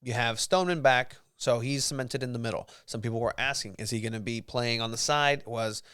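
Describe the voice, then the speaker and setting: Guy hosting a soccer podcast, smooth voice, dry mic, chatty and moving things along. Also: medium pitch, fairly quick, fairly bright tone, no room sound. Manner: chatty, runs the segment and asks co-hosts questions. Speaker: podcast host. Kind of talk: casual sports podcast chat.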